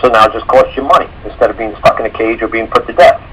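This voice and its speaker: A man's voice: mid-range voice, quick pace, fairly bright tone, a little hiss or hum, rough recording. A man talking casually on a radio show, rambling through stories, acting out quotes and swearing freely. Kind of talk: casual call-in radio talk.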